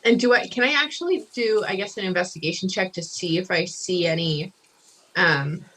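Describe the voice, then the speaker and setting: A woman's voice: fairly low pitch, normal speed, a bit bright, breathy edge, distant mic, poor audio. A woman playing a tabletop game, asking tentative questions and joking. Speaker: player. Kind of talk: casual tabletop game chat.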